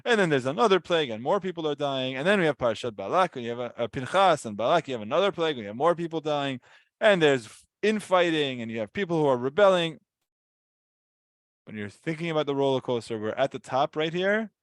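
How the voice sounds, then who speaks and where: A man's voice: on the high side, expressive, quick pace, no room sound. A man giving a casual weekly Torah lesson, telling the story with animation and acting out voices. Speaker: Torah teacher.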